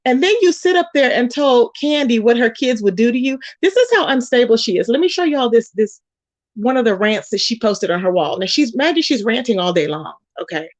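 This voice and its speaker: A woman's voice: fairly high pitch, animated, a little fast, no echo. A woman hosting a commentary channel, ranting bluntly and scolding someone, repeating her points and drawing out words for emphasis. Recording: dull lo-fi audio.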